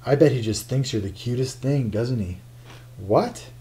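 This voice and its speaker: A man's voice: medium pitch, normal speed, mellow, close to an everyday voice. A man voicing a jealous, angry male lover who sounds bitter and accusing.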